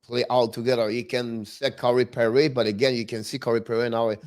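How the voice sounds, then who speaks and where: Man with halting phrasing. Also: medium pitch, little pitch movement, darkish tone. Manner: halting, restarts phrases, non-native grammar. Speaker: hockey show co-host. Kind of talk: casual sports talk.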